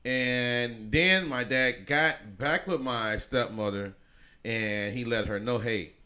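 A man's voice: medium pitch, takes it slowly, pushed and bright. A man from Chicago, a podcast guest, telling his life story in a loose, rambling way with many restarts and fillers. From Chicago, USA. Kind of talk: casual interview storytelling.

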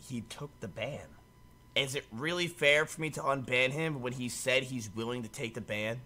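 Bright-voiced animated male streamer. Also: medium pitch, slight background noise. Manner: animated, swears freely, addresses chat. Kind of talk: casual livestream commentary.

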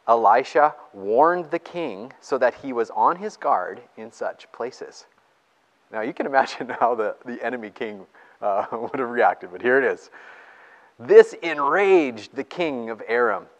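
An enthusiastic man preaches and reads scripture with a lively voice that swoops up and down. He keeps a chatty tone and often laughs between points. His voice rings out with the long echo of a church hall. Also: medium pitch. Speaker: pastor. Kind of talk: sermon with scripture reading.

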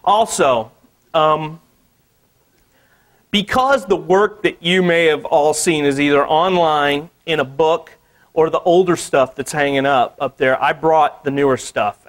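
A man from Missouri, an artist telling a story at a museum talk in an animated way, laughing often and saying "you know" a lot. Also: a little high. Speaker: artist giving a gallery talk. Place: museum lecture space.

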